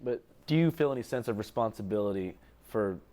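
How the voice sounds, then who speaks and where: A man's voice: lowish voice, lively intonation, fairly quick, mellow. A man asking casual, direct interview questions.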